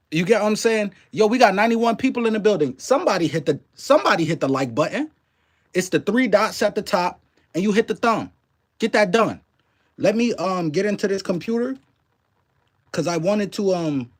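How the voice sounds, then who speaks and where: A man with a mixed New Orleans and Canadian accent hosting a live stream, loose and chatty, swearing freely and greeting viewers by name. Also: sits high. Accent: mix of New Orleans and Canadian. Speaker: livestream host. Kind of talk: casual live-stream commentary.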